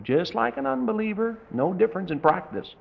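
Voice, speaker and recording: High-voiced preacher, lively and folksy. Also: male voice, vocal fry, a little hiss or hum. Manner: folksy, dry humor, reads scripture slowly. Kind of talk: verse-by-verse Bible teaching sermon. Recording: dull lo-fi tape recording.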